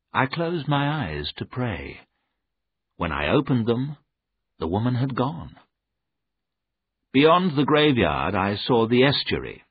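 A man reading a story aloud in a measured, deliberate narration. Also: fairly low pitch, slightly rough. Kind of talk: scripted audiobook narration. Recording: narrow phone-like audio.

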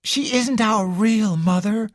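An audiobook reader voicing a worn-down young woman who pleads in an emotional, hopeless way, pitched well above the reader's own voice. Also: slow pace, dry recording, studio quality, close to an everyday voice. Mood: desperate.

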